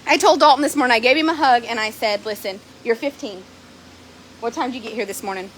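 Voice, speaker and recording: High-voiced, blunt woman. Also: fast talker, a little hiss or hum. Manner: blunt, swearing, lively storytelling. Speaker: horse trader. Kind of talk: casual vlog chat. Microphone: phone.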